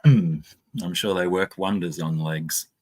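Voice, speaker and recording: A man's voice: low-pitched, takes it slowly, darkish tone. A man joining a livestream chat, casual with a dry, wry sense of humor.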